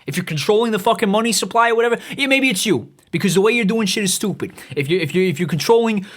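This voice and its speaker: A man around thirty hosts a comedy podcast, launching into a profane, heated rant monologue with stammering restarts. His voice is high and fairly bright, with lively intonation and fast delivery.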